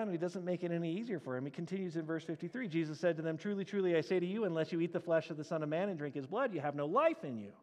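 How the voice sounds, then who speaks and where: A man preaching a sermon as a pastor, animated and acting out the crowd's reactions. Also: on the high side, quick pace, few pauses, in a large hall. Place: church sanctuary.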